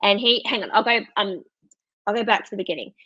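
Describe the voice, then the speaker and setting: A woman's voice: medium pitch, fast, no room sound, muffled recording. A woman in her thirties with an Australian accent, a podcast guest telling a story in casual chat, candid and laughing often. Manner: candid, laughs often, quotes others in lively voices.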